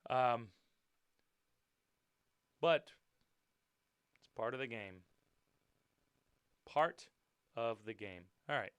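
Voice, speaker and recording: Excitable man reacting to dash cam clips. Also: mid-range voice, extremely slow, long pauses, clear, resonant tone, no echo, dull audio. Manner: excitable, loud outbursts and swearing; drops to quiet muttering asides. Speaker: podcast host.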